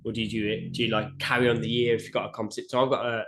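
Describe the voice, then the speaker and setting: A young man co-hosting a podcast, talking casually and animatedly about coaching, with lots of "like" and the odd swear. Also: fairly low pitch. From Britain. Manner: quick, animated storytelling with swearing and filler "like". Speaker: powerlifting coach and podcast co-host.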